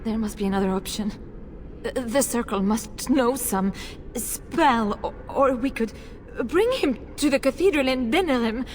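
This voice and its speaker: A woman's voice: a little high, animated, unhurried, a little hiss or hum. An actress playing a middle-aged noble mother pleading emotionally for her son in a video game. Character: noble mother, desperate and grieving.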